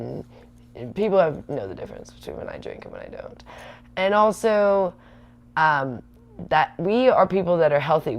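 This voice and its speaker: A woman's voice: low-pitched, creaky. A woman in her thirties hosting a livestream, rambling chattily and answering viewer comments. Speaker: livestream host. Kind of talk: casual rambling livestream chat.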